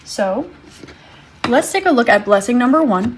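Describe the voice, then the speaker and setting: A woman giving a tarot reading to her viewers, speaking in a gentle, reassuring way and thinking aloud as she draws cards. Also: fairly high pitch, expressive, normal speed, pauses often, breathy edge. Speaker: tarot reader.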